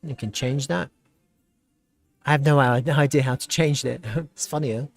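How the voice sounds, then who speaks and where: Excitable man thinking aloud on a livestream. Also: medium pitch, normal speed, gravelly. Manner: excitable, laughs often, thinks aloud while browsing. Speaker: livestream host. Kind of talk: casual live commentary.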